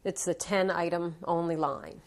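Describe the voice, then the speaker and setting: A woman's voice: fairly low pitch, fairly even intonation, a little slow. A woman being interviewed as an author in a TV studio, explaining her ideas fluently and acting out little examples. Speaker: author and guest. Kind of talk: interview conversation. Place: local TV studio.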